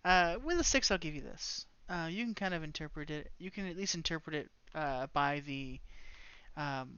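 A game master narrating a tabletop game, halting and filling pauses with ums and restarts. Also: medium pitch, expressive, sharp tone, clear, resonant tone, no echo, highs cut off. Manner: halting, many fillers and restarts.

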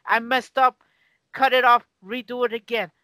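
A podcast host chatting casually in an excitable, teasing way. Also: medium pitch, normal speed, dry recording, poor audio. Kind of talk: casual chat.

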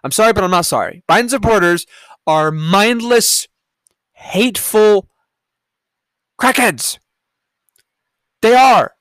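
A man hosting a solo podcast, reading headlines aloud and ranting about them in a profane, combative way, swinging between loud outbursts and low muttering. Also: slow pace, pauses often, no room sound, studio quality. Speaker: podcast host.

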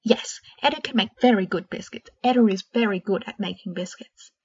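A woman voicing a very old, small, kindly female house elf with a squeaky voice who speaks of herself in the third person. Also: fairly quick, darkish tone, husky, distant mic, muffled recording. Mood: eager kindly.

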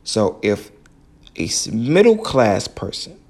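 A man's voice: fairly low pitch, sing-song, slow, a little mellow. A young American man hosting a solo podcast, talking earnestly and preaching a little, repeating phrases for emphasis. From United States. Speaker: podcast host. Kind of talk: casual solo podcast monologue.

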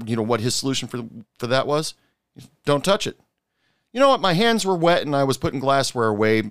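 A middle-aged man hosts a podcast, telling casual stories about bartending in a monologue. His mid-range voice is a bit bright, clear and resonant, recorded at studio quality with no room sound. He talks animatedly with frequent fillers, and his voice jumps up sharply when he gets annoyed.

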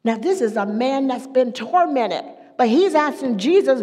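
A middle-aged woman preaching a sermon, moving between hushed whispers and loud, emphatic passages. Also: sits high, animated, moderate pace. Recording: long echoey hall reverb.

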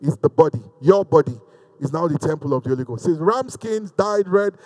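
A man's voice: a little high, animated, fairly quick, darkish tone, big-room sound, low-quality recording. A middle-aged man preaching a sermon, reading scripture and calling on the congregation to respond. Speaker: pastor.

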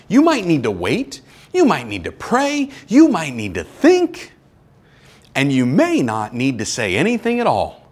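A man preaches a sermon, his voice sitting a little high for a man. He acts out quotes and swings between lively, raised lines and sudden quiet drops. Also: measured pace. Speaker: pastor.

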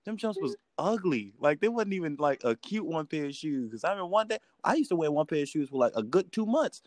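A man co-hosting a casual podcast chat, joking and trash-talking in an animated way. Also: on the high side, fast, no room sound. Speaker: podcast co-host.

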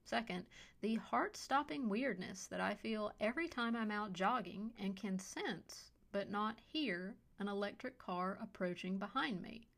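Woman, story podcast host, steady reading voice, vocal fry, mid pitch. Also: a little slow. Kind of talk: scripted story narration.

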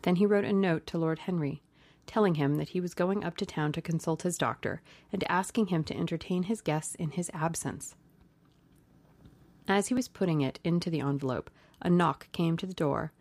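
A woman narrating an audiobook of a classic novel in a steady, measured reading. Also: on the low side, no echo.

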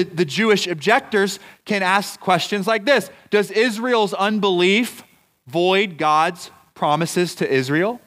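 A man preaching a sermon as pastor, deliberate and emphatic, asking his congregation rhetorical questions. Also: high voice, a bit bright. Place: church.

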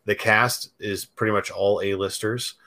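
Male podcast guest, lower voice but bright tone, enthusiastic casual talk. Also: unhurried. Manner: enthusiastic, excitable. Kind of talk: casual chat.

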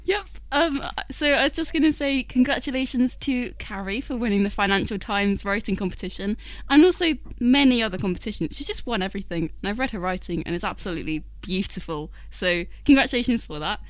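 A woman co-hosting a writing podcast in casual chat, warm and enthusiastic. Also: medium pitch, lively intonation, fairly quick, hardly any pauses, dry recording. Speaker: podcast co-host.

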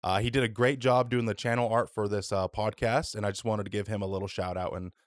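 A man's voice: fairly low pitch, fairly even intonation, fast talker, no echo, clean studio sound. A man hosting a podcast in casual chat, laid-back, swearing freely and using many fillers. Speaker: podcast host.

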